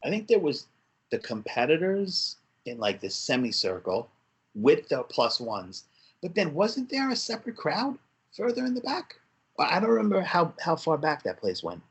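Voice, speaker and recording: A man in his forties with a light New Jersey accent, reminiscing in lively casual chat on a podcast. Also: fairly high pitch, moderate pace, slightly rough.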